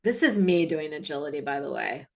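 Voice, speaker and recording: A woman's voice: deep voice, animated, a little fast, vocal fry. Chatty upbeat woman dog trainer. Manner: chatty and upbeat, with many fillers and asides. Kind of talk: casual narration over video clips.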